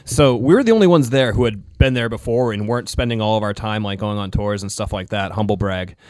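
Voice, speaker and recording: A man's voice: on the low side, fairly quick, a little mellow, dry recording, studio quality. A man co-hosting a casual podcast chat, telling rambling anecdotes and laughing often. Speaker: podcast co-host.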